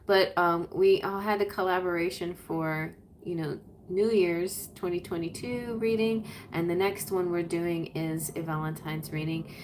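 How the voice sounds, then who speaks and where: A woman's voice: lowish voice, steady tone, unhurried, a little hiss or hum. Woman, tarot reader hosting a live stream, casual and rambling, laughs a lot, playful sing-song asides.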